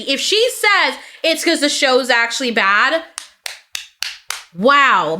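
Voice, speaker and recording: A high, bright woman's voice ranting in animated reaction commentary. She is blunt and sarcastic and swears freely, breaking into laughter now and then between her points. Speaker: reaction streamer.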